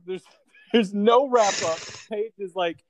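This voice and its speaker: A man's voice: high-pitched, takes it slowly, a little hiss or hum, rough recording. Laughing, profane male podcast host. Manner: laughing often, profane, storytelling recap. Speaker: podcast co-host recapping a TV episode. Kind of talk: casual comedic recap chat.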